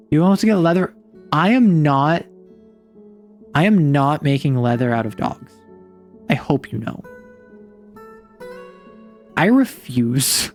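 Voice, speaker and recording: Rambling casually as he plays, a man livestreams a game as a vtuber, musing out loud. His voice leans high and a little mellow.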